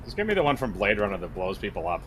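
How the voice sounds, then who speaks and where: A man co-hosting a let's play, joking and swearing loudly in casual commentary. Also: on the low side, sing-song, rapid-fire, slight background noise. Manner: loud, joking and profane.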